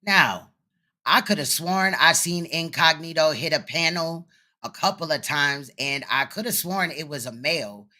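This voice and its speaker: A commentator with a bright, forceful voice talks over a replayed livestream. The delivery is blunt, sarcastic and profane, with pointed rhetorical questions. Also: medium pitch, expressive, a little slow. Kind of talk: reaction commentary on a livestream clip.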